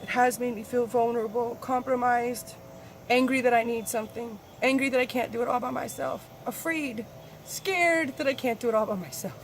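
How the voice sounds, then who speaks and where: A woman talking candidly in a personal spiritual vlog, confessional and swearing freely, her voice swinging between soft and loud. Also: a little high, normal speed, a little hiss or hum. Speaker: spiritual vlogger.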